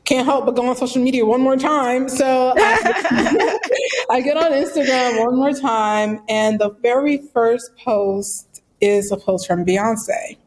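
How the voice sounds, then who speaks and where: A woman's voice: on the high side, takes it slowly, low-quality recording. A young woman, a business founder, telling stories casually in an interview with lots of fillers. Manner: animated, chatty storyteller with lots of fillers. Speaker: guest, bag brand founder.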